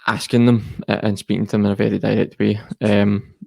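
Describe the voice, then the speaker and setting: Gravelly, flat-voiced Scottish man. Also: fairly low pitch, brisk, no room sound. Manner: earnest and reflective. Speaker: guest, mental health charity co-founder. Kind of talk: personal interview talk.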